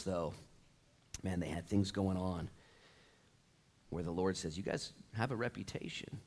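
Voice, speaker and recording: A man preaching to his church, casual and lively, acting out quotes and dropping slang. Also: sits low, unhurried, pauses often. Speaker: pastor. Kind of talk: sermon.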